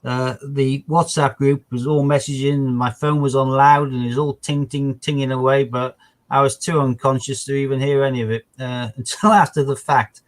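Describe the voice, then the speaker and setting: A man's voice: mid-range voice, level tone, normal speed, low-quality recording. A man co-hosting a casual live stream, chatty and rambling, with indignant asides.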